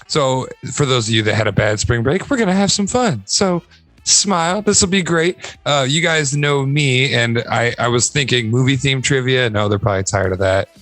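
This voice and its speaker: A man's voice: mid-range voice, moderate pace, fairly bright tone, dry recording, faint music behind. An upbeat man from Ohio hosting a casual podcast chat, laughing often. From Northern Ohio. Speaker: podcast host.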